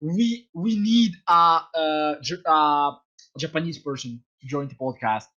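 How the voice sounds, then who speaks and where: A man's voice: unhurried, pushed and bright, highs cut off. A man co-hosting a casual podcast over a voice call, teasing his co-host. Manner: teasing, pitch swings. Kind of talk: casual chat. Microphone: online voice call.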